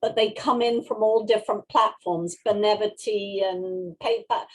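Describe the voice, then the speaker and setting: A woman's voice: mid-range voice, fairly even intonation, normal speed, a little hiss or hum, rough recording. A woman who runs a small-animal rescue, speaking earnestly and gratefully in a casual interview. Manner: earnest, grateful, laughs easily.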